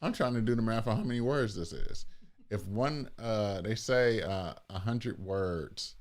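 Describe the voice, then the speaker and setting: A man's voice: on the low side, a little slow, darkish tone. Profane joking man podcast co-host. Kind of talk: casual chat.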